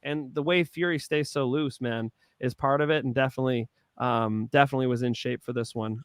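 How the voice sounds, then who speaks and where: A man co-hosting a casual sports betting podcast, animated and swearing freely. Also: medium pitch, a little fast, smooth, no echo. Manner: animated, swearing, rising emotion. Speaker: co-host of a betting picks show.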